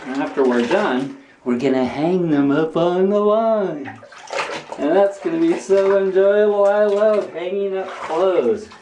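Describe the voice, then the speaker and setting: A man's voice: high-pitched, a little slow, recorded from a distance, background noise. A man casually rambling and preaching while he demonstrates washing laundry by hand in a bathtub, with lots of restarts. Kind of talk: casual how-to vlog. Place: bathroom, washing clothes in a tub. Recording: echoey bathroom, off-mic, running water.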